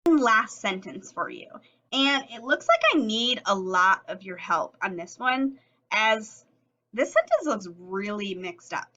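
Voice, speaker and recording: Slow, bright-voiced phonics teacher woman. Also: medium pitch, animated. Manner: slow, stretched-out sounding of letters and words. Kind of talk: phonics lesson for young children.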